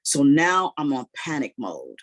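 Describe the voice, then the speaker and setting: A man retelling a personal story in casual talk, animated and full of "you know" and "like". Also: medium pitch, measured pace.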